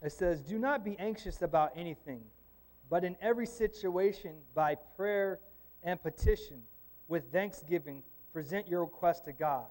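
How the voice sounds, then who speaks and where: A high-pitched man delivers a relaxed sermon in a church. He tells stories with joking asides and keeps checking in with the congregation. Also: normal speed. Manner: chatty, joking asides, frequent "amen?". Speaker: lay preacher. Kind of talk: conversational sermon.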